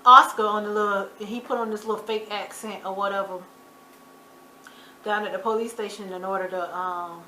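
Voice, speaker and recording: Chatty bright-voiced woman recapping TV. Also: mid-range voice. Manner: chatty, loose storytelling with many fillers; animated, quick to loud exclamation. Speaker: YouTuber recapping a TV drama. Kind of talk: casual episode recap. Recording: echoey room, faint background noise.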